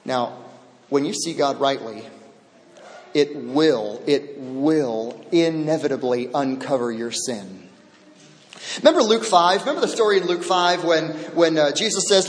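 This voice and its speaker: A man preaching a sermon as pastor, swinging dramatically between loud proclamation and hushed near-whisper. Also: a little high, lively intonation, moderate pace, slight background noise. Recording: long echo of a large hall.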